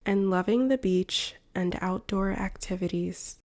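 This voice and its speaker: A woman from the United States, an English teacher reading a shadowing lesson in slow, carefully separated phrases. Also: mid-range voice, a little mellow. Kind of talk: slow shadowing practice narration.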